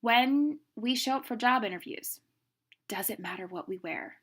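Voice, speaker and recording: A middle-aged woman teaching a class on speaking, brisk and emphatic, demonstrating stress and pauses as she goes. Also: on the high side, animated, fairly bright tone, slightly rough. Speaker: speech instructor. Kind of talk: classroom lecture.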